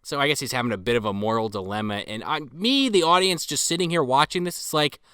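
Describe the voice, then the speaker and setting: A man's voice: mid-range voice, expressive, fast, sharp tone, clean tone, no room sound, clean studio sound. A man co-hosting a movie podcast, joking, swearing and sarcastically acting out scenes. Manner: sarcastic, swears, acts out quotes. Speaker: podcast co-host. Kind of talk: casual movie-riffing chat.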